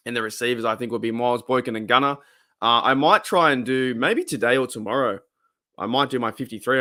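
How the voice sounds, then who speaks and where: A man's voice: mid-range voice, bright, forceful tone. An Australian man in his thirties hosting a fan livestream, chatting casually with viewers in a rambling, laid-back way and repeating himself often. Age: 30s.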